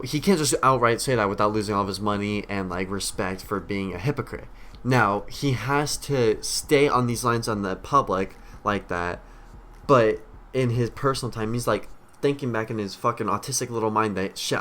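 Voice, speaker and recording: A man's voice: on the low side, a bit bright, slight background noise. A man streamer giving a rambling, blunt commentary rant, swearing heavily as he talks. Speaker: streamer reacting to clips.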